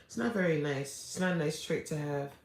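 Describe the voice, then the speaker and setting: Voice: medium pitch, a little fast, a little hiss or hum. An adult livestreamer chatting casually with viewers, greeting them by name and pleading for subscribers. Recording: echoey room.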